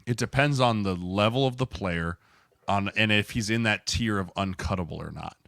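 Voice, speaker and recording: A man's voice: lowish voice, moderate pace, gravelly, a bit bright, no echo, studio quality. A man co-hosting a sports podcast, chatting loosely and tagging points with "right?". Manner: conversational, frequent "right?" and "like". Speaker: podcast co-host, former player. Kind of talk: casual chat.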